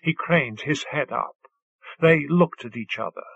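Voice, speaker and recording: Slow, husky male narrator. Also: fairly high pitch, a bit bright, no room sound. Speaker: audiobook narrator. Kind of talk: scripted narration. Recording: dull lo-fi recording.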